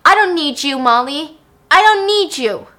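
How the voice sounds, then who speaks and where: A woman voicing a desperate, furious male con man who shouts accusations. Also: on the high side, animated, brisk. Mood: shouting.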